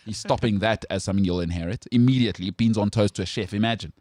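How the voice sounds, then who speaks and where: A man's voice: lowish voice, fast, darkish tone, no echo. A South African man hosting a sports talk show, opinionated and teasing in casual studio banter.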